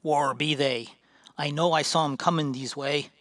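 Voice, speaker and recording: Man voicing a gruff talking warrior. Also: a little high, fairly even intonation, normal speed, no room sound, natural voice. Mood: frantic. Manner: gruff, blustering, loud. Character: gruff fierce old male dwarf warrior.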